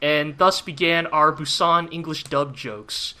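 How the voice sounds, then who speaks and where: A man's voice: fairly high pitch, steady tone, unhurried, pushed and bright. A man from California co-hosting a casual anime podcast, telling rambling, profane stories with frequent laughter. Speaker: podcast co-host. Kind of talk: casual chat.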